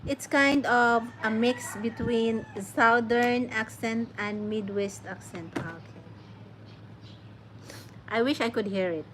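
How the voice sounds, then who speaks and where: A middle-aged woman with a Filipino accent chats casually with her viewers, laughing often and restarting her sentences. Her voice sits a little high and she talks slowly. A steady hiss of noise runs under the recording. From Philippines. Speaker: vlogger chatting with viewers. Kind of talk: casual chat. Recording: noisy home recording.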